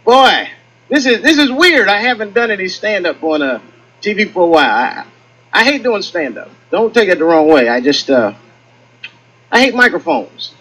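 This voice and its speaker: A man doing a stand-up comedy set on stage, telling stories with lively acted-out quotes. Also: sits high, moderate pace, slightly rough, poor audio. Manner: animated storytelling with acted-out quotes. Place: comedy stage with live audience.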